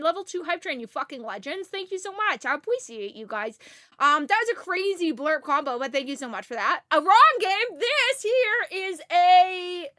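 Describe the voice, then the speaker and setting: A woman streamer chatting casually on a live stream, greeting viewers and telling stories in an excitable, chatty way. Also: extremely high pitch, moderate pace, no room sound, studio quality.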